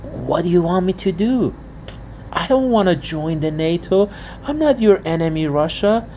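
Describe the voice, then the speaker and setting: A bewildered, pleading country, as a man puts it on in a higher voice. The voice rises and falls a lot, anxious and confused. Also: lively intonation, normal speed, mellow, a little hiss or hum.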